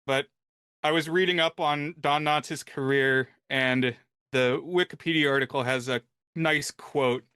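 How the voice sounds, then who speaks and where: A man co-hosting a film podcast, telling stories in a relaxed, wry way. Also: fairly high pitch, clear, resonant tone, dry recording, studio quality. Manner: relaxed, wry storytelling, reads quotes aloud. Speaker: podcast co-host. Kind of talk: casual film podcast chat.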